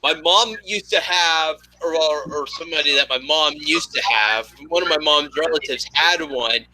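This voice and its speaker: A man's voice: a little high, normal speed, bright, forceful tone, rough recording. A man co-hosting a casual podcast chat, telling rambling stories with many restarts. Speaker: podcast co-host.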